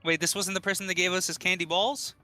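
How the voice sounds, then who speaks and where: A man's voice: high-pitched, level tone, quick pace, bright, forceful tone, faint music behind. A man playing a tabletop game with friends, goofing around with crude jokes and mock outrage. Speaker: player.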